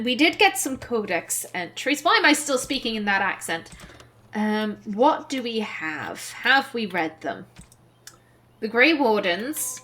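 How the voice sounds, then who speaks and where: Young woman let's-play host, slow, musing commentary, raised pitch. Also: very animated, bright, forceful tone. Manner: slow, musing, reads dialogue aloud. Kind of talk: gameplay commentary.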